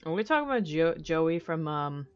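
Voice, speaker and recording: A woman's voice: low-pitched, very animated, normal speed, smooth. An American woman live-streaming, chatting casually with her viewers in a candid, profane, self-mocking way. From United States. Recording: dull lo-fi stream audio. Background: faint music.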